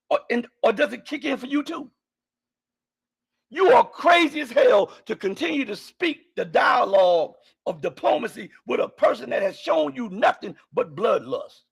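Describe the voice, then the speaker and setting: Guy ranting about politics, super gravelly husky voice, keeps asking questions and yelling. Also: extremely high pitch. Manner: heated, repetitive, rhetorical questions, bursts of shouting. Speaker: political commentator. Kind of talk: impassioned live-stream commentary.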